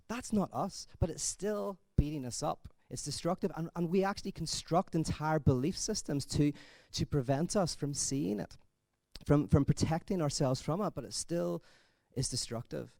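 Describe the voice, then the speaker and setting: Mellow-voiced man giving a conference talk. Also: on the high side, moderate pace, no echo. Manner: conversational, thinking aloud; lively joke-telling. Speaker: conference speaker.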